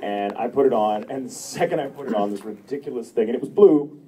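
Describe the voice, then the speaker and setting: A man's voice: mid-range voice, fast talker, dark tone. A man in his thirties, a voice actor telling stories at a fan convention Q&A, laughing often and acting out quotes. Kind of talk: convention Q&A storytelling. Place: convention panel room. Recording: distant fan recording with room noise.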